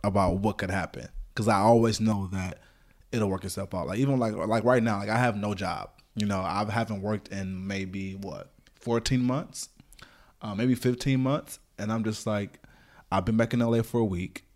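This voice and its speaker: A man's voice: lowish voice, steady tone, moderate pace, darkish tone. A man co-hosting a podcast, talking in a laid-back, affirming way. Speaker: podcast co-host. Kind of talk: casual conversation.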